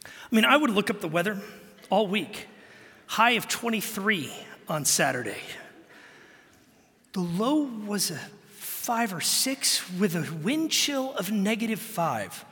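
Animated preacher with a bright, high voice. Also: male voice, slow pace, long pauses, breathy edge, big-room sound. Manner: animated storytelling, acts out quoted dialogue. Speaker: pastor. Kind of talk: sermon.

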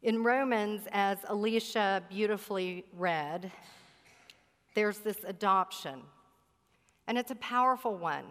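Woman pastor, sermon, slow deliberate delivery, emphatic, long hall reverb. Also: medium pitch, clear, resonant tone. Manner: earnest, slow and emphatic, stretching key words.

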